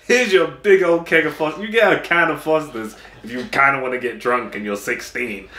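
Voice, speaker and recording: Sweary young bartender vlogging. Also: male voice, fairly high pitch, brisk, hardly any pauses, sharp tone. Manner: sweary, laughing often. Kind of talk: casual chat to camera. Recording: echoey room with music.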